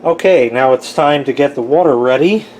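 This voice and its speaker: A man's voice: mid-range voice, normal speed, background noise. A man chatting casually in a rambling, self-mocking way while filming a home vlog in his kitchen. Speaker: video creator.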